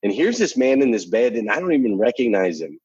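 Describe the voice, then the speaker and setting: A man's voice: mid-range voice, very animated, a little fast, darkish tone, husky, no room sound, lo-fi sound. A man telling a personal story in conversation, earnest and emphatic, repeating phrases for effect. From United States. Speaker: interview guest.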